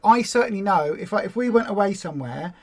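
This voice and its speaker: A man's voice: high-pitched, lively intonation, fast talker. Chatty man hosting a live stream. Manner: chatty, reads viewer comments aloud, jokey asides. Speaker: weight loss support group host. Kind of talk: casual live-stream chat.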